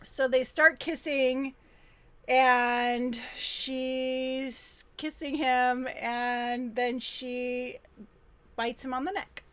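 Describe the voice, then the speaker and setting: A woman co-hosting a podcast recaps a movie plot in casual chat, laughing and mimicking the characters as she retells scenes. Her high voice is flat and smooth, slightly bright, with drawn-out words.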